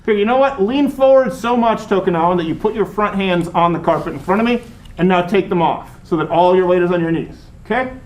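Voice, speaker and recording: Commanding man directing a demonstration, high voice. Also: fast, darkish tone. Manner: commanding, giving instructions, often muffled with face to the floor. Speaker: host. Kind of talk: live studio show, demonstrating and directing. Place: studio room.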